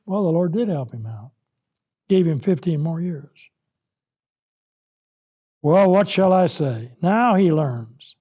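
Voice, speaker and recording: A man's voice: on the high side, lively intonation, takes it slowly, long pauses, warm tone. A man preaching a Bible lesson, acting out the scripture in the first person as he explains it. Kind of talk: sermon-style Bible lesson.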